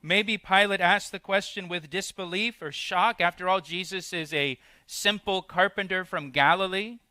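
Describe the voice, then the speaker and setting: Bright-voiced male pastor preaching. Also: high-pitched, fairly even intonation, normal speed, no room sound. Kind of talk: expository sermon.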